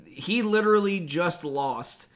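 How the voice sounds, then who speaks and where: A man's voice: sits high, animated, slow. Chatty young man, rambling and wry. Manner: rambling, filler-heavy, wry. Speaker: podcast co-host. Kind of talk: casual wrestling recap chat.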